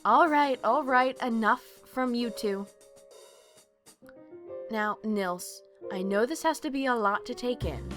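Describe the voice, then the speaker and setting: A woman voicing a brisk, bossy woman who leads a coven and takes charge of the others. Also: fairly high pitch, a bit bright, faint music behind, voice pushed up. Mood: firm.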